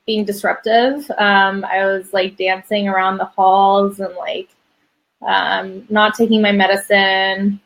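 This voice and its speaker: A young woman as a podcast guest, telling a personal story in a chatty way, full of "like" and small laughs. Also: medium pitch. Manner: chatty, many "like"s, laughs between phrases.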